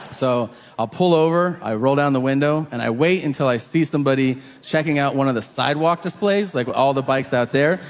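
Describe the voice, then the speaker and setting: A man in his forties doing a stand-up routine, telling stories with shouted character voices. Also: medium pitch, animated, moderate pace, slight background noise. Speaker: stand-up comedian. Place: theater stage with audience laughter. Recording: live hall with long reverb.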